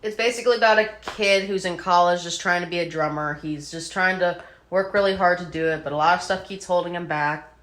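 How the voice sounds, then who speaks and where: A bright, sharp-toned woman chats her way through a casual podcast. She strings her thoughts together with plenty of fillers and drops the odd swear word without a second thought. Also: lowish voice, fairly quick. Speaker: podcast co-host.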